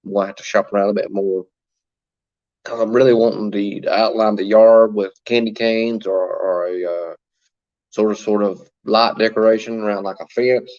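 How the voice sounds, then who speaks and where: A man's voice: lowish voice, darkish tone, muffled recording. A man hosting a casual livestream from his phone, chatting and greeting viewers by name as he answers their comments. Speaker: livestream host.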